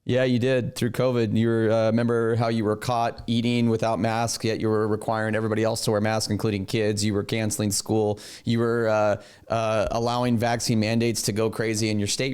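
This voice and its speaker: A man hosting a reaction video in casual, animated commentary, often talking to his producer. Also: fairly low pitch, fairly quick, hardly any pauses, clear, resonant tone.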